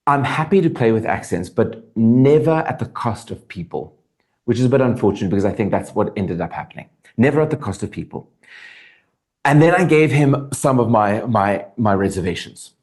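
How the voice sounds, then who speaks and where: A man's voice: fairly low pitch, moderate pace. A man from South Africa with a South African accent, a guest talking earnestly in an interview and restarting his thoughts as he goes. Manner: animated, earnest, thinks aloud with restarts. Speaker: actor guest. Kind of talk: interview conversation.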